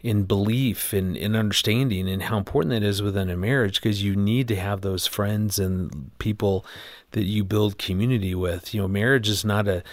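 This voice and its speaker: A middle-aged man speaks as a guest on an interview show, earnest and warm-hearted in tone as he tells stories and acts out the people in them. His voice is low, and it is recorded close and dry in a studio. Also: steady tone, moderate pace, dry recording. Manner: earnest storyteller who acts out quoted voices. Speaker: guest marriage expert. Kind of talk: conversational interview storytelling.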